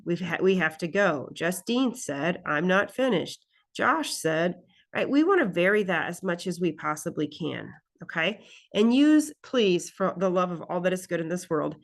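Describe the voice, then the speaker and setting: Woman instructor, lower voice, chatty lecture. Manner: conversational teaching, frequent "right?" and "okay?" check-ins; reads example lines aloud expressively. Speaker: college English instructor. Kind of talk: recorded class lecture recap.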